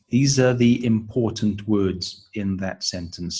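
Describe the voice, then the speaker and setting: A man leads a pronunciation lesson for teachers, speaking slowly and deliberately as he models intonation and counts out syllables. His voice sits fairly low and has a husky edge. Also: dark tone, poor audio. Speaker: teacher trainer.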